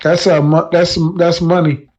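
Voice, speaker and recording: Slow-talking man in voice chat. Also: fairly high pitch, flat delivery, a little mellow. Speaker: voice chat participant. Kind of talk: casual group voice chat. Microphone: online voice chat mic. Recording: muffled lo-fi voice chat audio.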